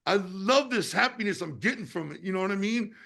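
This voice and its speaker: A man in his fifties talks in a casual, passionate way, swearing freely and checking in with his listeners. His voice sits high and has a gravelly fry. His tone is bright and forceful. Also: animated, a little fast. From United States. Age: 50s. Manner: passionate, profane, repeats "you know what I mean". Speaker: podcast host and wrestling promoter. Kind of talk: casual chat.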